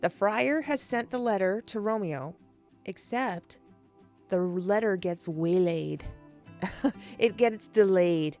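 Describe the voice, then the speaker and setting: A woman casually retelling a classic play in a chatty, animated way, laughing and swearing often. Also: medium pitch, slow pace, long pauses, faint music behind. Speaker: storyteller.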